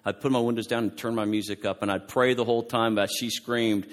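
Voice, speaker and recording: Guy preaching, talky and animated, lots of restarts, big echoey hall. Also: lowish voice, fairly quick. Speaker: pastor. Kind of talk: sermon.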